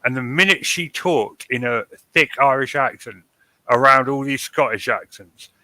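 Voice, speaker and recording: A man's voice: mid-range voice, normal speed, bright, forceful tone, no echo, poor audio. A man hosting a podcast in casual chat, telling blunt, wry stories. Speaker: podcast host.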